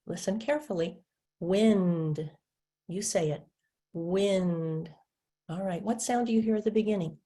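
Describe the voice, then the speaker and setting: A woman with a mid-range, dark-toned voice speaks fast with few pauses while training teachers in a webinar. Her demonstrations have her patiently stretching and tapping individual speech sounds, acting as both teacher and student and sometimes answering for her pupil.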